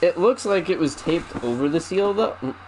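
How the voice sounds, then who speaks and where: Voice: mid-range voice, animated, moderate pace, a little mellow, a little hiss or hum, rough recording. A streamer chatting casually while opening a parcel, wry and self-mocking, with casual swearing. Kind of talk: casual unboxing chat.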